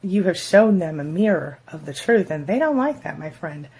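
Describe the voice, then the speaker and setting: A woman's voice: lowish voice, lively intonation, normal speed, darkish tone, breathy edge. A woman talking frankly to camera, giving relationship advice and mockingly acting out quoted remarks. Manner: frank, conversational, acts out quoted voices mockingly. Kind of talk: casual advice talk to camera.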